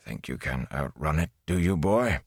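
A man reading an audiobook, voicing a gruff older male gleeman with a low, hoarse growl. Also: animated, normal speed, no echo, clean studio sound, full character voice. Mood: gruff urgent. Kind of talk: audiobook character voice.

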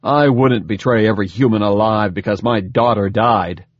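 A man's voice: lowish voice, normal speed, no echo, dull audio, close to an everyday voice. Casting: wry, pained captive man, terse and sarcastic, voiced by a male narrator. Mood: wry, strained.

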